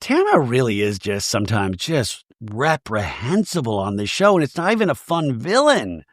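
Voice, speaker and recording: A man's voice: mid-range voice, huge pitch swings, normal speed, no room sound, studio quality. A man hosting a comedic recap podcast, sarcastic and mimicking quotes in exaggerated voices. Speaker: podcast host recapping a reality show.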